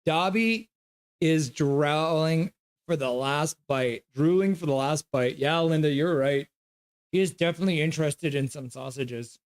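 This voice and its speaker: A man with a somewhat high voice hosts a casual live stream. He reads out viewer comments and calls the plays loosely as they happen. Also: unhurried, clean tone. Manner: gives loose play-by-play; coos at his dog. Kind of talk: casual live game reaction and chat reading.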